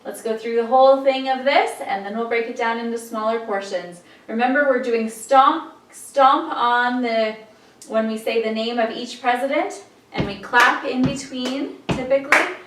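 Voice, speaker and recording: A woman with a slightly high voice, speaking at a moderate pace, teaches a classroom-style memory lesson. She patiently encourages listeners through a rhythmic chant, captured in an echoey room on a distant mic with loud background noise.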